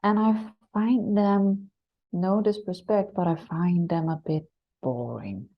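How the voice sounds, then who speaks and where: Woman co-host with a Danish English accent, playful and teasing, a bit low, dull lo-fi sound. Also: takes it slowly. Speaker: podcast co-host. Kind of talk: casual spiritual chat show. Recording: dull lo-fi recording.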